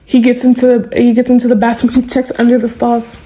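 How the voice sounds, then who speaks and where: A young woman vlogging in an excitable, chatty way, with frequent laughs and plenty of "like" and "bro." Her voice sits a bit high with a mellow, warm tone. She keeps to a casual, talking-to-a-friend delivery. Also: quick pace, rough recording. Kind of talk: casual chat, recapping a show.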